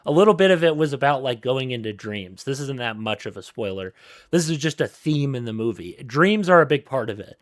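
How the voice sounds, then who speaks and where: A man in a casual gaming podcast chat, his voice sitting at an ordinary middle pitch. He rambles, piling up fillers and restarting his sentences. The recording is close and dry, with no room sound. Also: animated, a little fast, dry recording. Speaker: podcast co-host.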